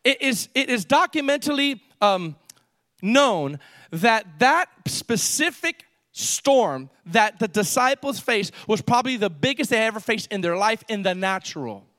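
A man preaching a sermon in an animated way, acting out panicked voices and building up to shouts. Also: very high voice, dry recording.

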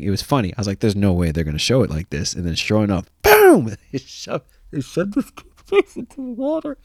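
A man hosting a podcast, telling a funny story with lots of laughter and mock-deadpan asides. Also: medium pitch, dry recording, clean studio sound. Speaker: podcast host. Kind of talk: comic storytelling.

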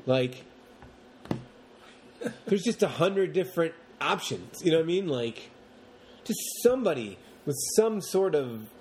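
A man co-hosting a podcast, chatting casually about movies in long, animated rants and mocking the characters as he goes. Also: a little high, measured pace, pauses often, a little hiss or hum. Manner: rambling, animated rants with mocking put-on quotes. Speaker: podcast co-host.

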